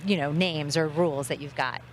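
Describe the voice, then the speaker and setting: A woman co-hosting a live show outdoors, asking the guest curious questions in a lively way. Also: deep voice, a little fast, slight background noise. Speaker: radio show co-host. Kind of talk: live broadcast interview.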